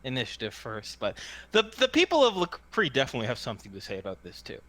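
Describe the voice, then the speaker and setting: A man narrating as game master of a tabletop game, with lively, dramatic delivery. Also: medium pitch, fast.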